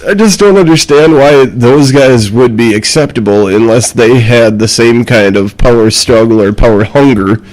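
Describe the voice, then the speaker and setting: A man's voice: mid-range voice, normal speed, hardly any pauses, darkish tone, poor audio. A man co-hosting a podcast in casual banter, rambling, laughing often and acting out quotes. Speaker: podcast co-host.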